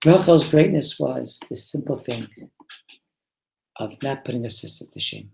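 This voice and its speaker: Gravelly rabbi in an echoey room. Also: male voice, medium pitch, expressive, measured pace, long pauses, mellow, slight background noise. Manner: reads Hebrew text, then explains it in English; asks the group questions and answers them himself. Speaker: rabbi teaching a class. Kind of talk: Torah class before a live group.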